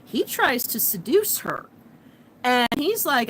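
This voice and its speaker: A woman's voice: sits high, expressive, moderate pace, slight background noise, rough recording. A woman vlogger giving a casual, chatty recap of a show, talking animatedly and saying "like" often.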